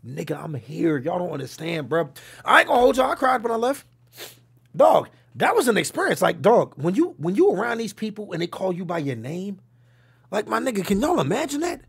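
Man, young adult, casual stream chat, animated, slightly higher voice, raspy. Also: a little fast. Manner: animated storytelling, swears freely, swings from loud to hushed.

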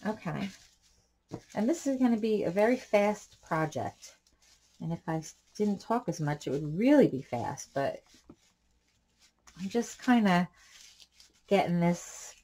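A woman hosts a casual crafting tutorial in a somewhat low voice. She talks in a chatty, rambling way and drifts into side stories while she works. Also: warm tone, husky. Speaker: craft channel host.

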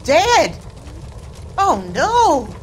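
A woman's voice: extremely high pitch, very animated, very slow, a little hiss or hum, full character voice. An actress playing a curt older landlady in a video game. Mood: prim.

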